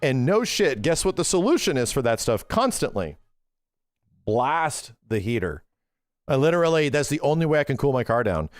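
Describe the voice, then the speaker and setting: Excitable man, lively swearing streamer. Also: mid-range voice, normal speed, no echo, clean studio sound. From Los Angeles area. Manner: excitable, swearing, animated storytelling. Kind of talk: casual livestream chat.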